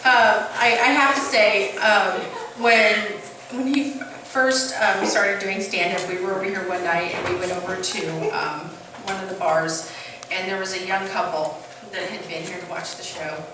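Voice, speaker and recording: A middle-aged woman, a comedian's wife, giving a halting speech at a comedy show, full of fillers. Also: mid-range voice, fairly even intonation, noisy background. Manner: halting, with frequent fillers and laughs. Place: comedy club stage. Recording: echoey club from far off.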